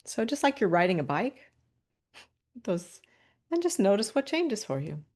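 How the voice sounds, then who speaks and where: A woman presenting a webinar over a video call, calmly guiding listeners through posture and breathing cues with light laughs between instructions. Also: mid-range voice, unhurried. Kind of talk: guided body-awareness instruction.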